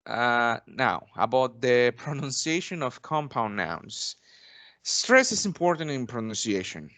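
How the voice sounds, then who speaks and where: A man's voice: mid-range voice, very animated, unhurried, a bit bright, no echo. Young man teaching in a dry room. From Mexico. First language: Spanish. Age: young adult. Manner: formal, polite, stacks "actually" and restarts. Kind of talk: English lesson role-play.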